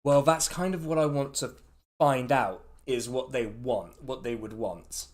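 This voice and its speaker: A man, running a tabletop game as dungeon master, chatty and quick to laugh, often restarting his sentences. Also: mid-range voice.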